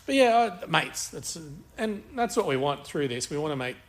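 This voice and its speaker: A man's voice: on the high side, very animated, fairly quick. A man co-hosting a podcast, rambling crudely through casual banter and swearing freely. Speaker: podcast co-host.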